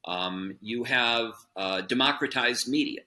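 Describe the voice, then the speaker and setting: A business chairman appearing as a podcast guest answers an interview question conversationally, earnestly explaining his views with frequent fillers and a habitual "right?" closing his points. His mid-range voice has a sharp tone and a slightly slow pace.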